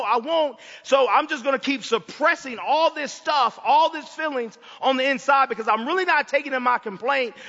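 A man preaching a passionate sermon in a church, swinging between loud cries and hushed, quiet lines. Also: extremely high pitch. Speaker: pastor. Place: church sanctuary. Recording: dull sound with long hall reverb.

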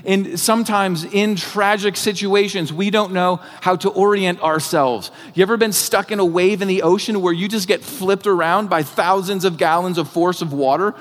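High-voiced pastor preaching in a reverberant hall. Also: male voice, steady tone, normal speed, few pauses. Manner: conversational, earnest, many filler "like"s. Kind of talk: sermon.

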